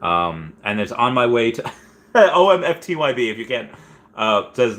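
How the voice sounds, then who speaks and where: Rambling, excitable man on a livestream. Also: mid-range voice, measured pace. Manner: excitable, rambling, many restarts and squeals. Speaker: livestream host. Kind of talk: casual livestream chat, reading comments aloud.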